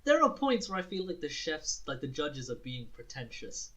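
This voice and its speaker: A young man co-hosting a podcast in casual chat, animated and laughing often, who swears freely and acts out quotes. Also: on the high side, moderate pace, rough recording. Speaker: podcast co-host.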